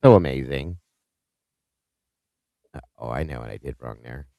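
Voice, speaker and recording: A man's voice: rumbling low, normal speed, vocal fry, warm tone, no room sound. A man hosting a live true-crime stream, chatting casually and upbeat as he greets viewers by name, with small stumbles, on a close mic.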